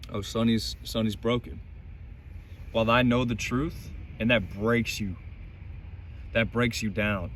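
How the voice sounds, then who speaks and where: A man's voice: mid-range voice, slight background noise. A man vlogging from inside his van in the mountains, giving casual motivational faith talk in an intense, emphatic way and swearing freely.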